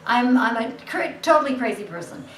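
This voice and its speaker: Actress guest, lively and animated, a bit high. Distant mic in a roomy space. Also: female voice, a little fast, slight background noise. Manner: lively, acts out the people in her story. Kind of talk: animated anecdote telling.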